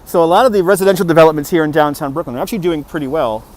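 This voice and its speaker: A man's voice: a little high, racing, a little mellow. A man from New York City hosting a casual live-stream walking tour, chatting and joking with viewers as he goes. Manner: chatty, answers viewer comments, jokey. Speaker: livestream host. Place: outdoors on a city street at dusk. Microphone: phone on a handheld gimbal. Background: traffic and street ambience.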